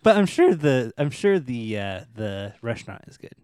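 A man co-hosting a podcast in casual chat, joking and rambling, quick to apologize. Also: medium pitch, big pitch swings, crowd noise. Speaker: podcast co-host.

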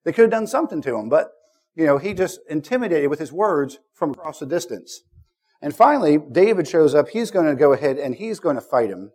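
A male preacher with a slightly raised pitch delivers a sermon. He moves from relaxed, conversational asides into scripture and swells into loud, repeated declarations. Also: fairly quick. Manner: builds to loud, emphatic repetition.

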